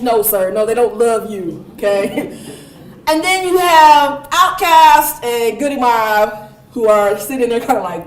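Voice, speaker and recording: A woman giving a university lecture, telling the story in a lively, animated way with frequent laughter. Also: on the high side, measured pace, recorded from a distance. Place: lecture room. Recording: roomy hall sound.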